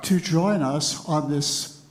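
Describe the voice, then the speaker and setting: A man's voice: a little high, takes it slowly, noisy background. A man in a band introducing a song to a concert audience, joking and teasing himself. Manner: joking, self-mocking. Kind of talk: live stage banter. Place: live music venue stage. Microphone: stage vocal mic. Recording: roomy live concert with audience.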